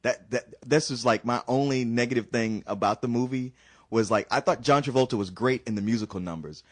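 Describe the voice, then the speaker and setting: A man's voice: mid-range voice, a little fast. A man on a casual film review podcast, stumbling over his words but blunt in his criticism.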